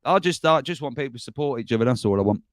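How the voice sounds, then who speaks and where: A man's voice: mid-range voice, expressive, rapid-fire, no echo. A man hosting a casual livestream, rambling and chuckling as he reads out viewer comments. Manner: chuckling, rambling, self-mocking. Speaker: livestream host.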